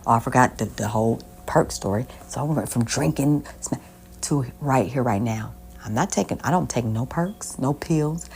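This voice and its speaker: A woman's voice: extremely low pitch, normal speed, vocal fry, a little mellow, a little hiss or hum. A young adult woman vlogging candidly about her own life, rambling and swearing freely as she tells her story. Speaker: self-help vlogger. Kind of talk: casual personal storytelling. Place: Southern United States.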